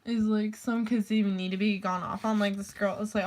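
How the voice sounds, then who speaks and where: A teenage girl in high school, telling a rambling story about her teacher, full of "like" fillers, swearing and quoted voices. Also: a little fast, hardly any pauses. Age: teens. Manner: rambling, heavy "like" filler, swearing, animated quoting. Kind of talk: casual storytime rant.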